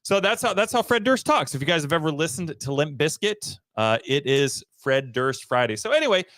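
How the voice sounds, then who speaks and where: A man's voice: on the high side, big pitch swings, fairly quick, a bit bright. A young man hosting a casual livestream show, playful and theatrical, drifting into silly voices, talking over a video call. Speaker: podcast host.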